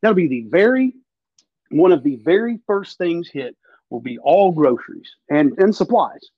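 A man's voice: on the high side, lively intonation, measured pace, breathy edge, no room sound, muffled recording. A man hosting a podcast, talking in an emphatic, profane, ranting way. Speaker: podcast host. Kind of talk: casual political chat.

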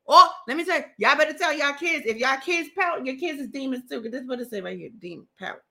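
A woman hosts a podcast and tears into a book with sarcastic, mocking commentary, laughing as she goes. Her voice sits high and bright, and it swoops up and down with lively energy. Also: fast talker, vocal fry. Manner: mocking, animated, laughs at her own jokes. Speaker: podcast host.

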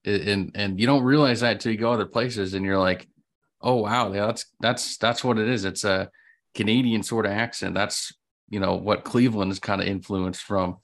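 A podcast host from Ohio with a fairly low voice. He talks in a loose, informal way as he walks through facts for his co-hosts. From Ohio, United States. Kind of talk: casual chat.

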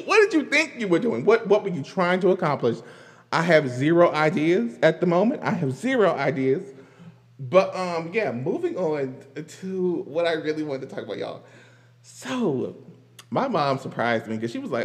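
A man giving loose, casual commentary as a vlogger, animated, laughing often and rambling into asides. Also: high-pitched, moderate pace, in a large hall. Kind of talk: casual pop-culture commentary.

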